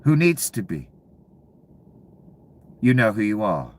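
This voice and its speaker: A man delivering a profane, angry political rant to viewers, dropping to low mutters and then bursting out loud. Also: very animated, slow pace. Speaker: commentary channel host.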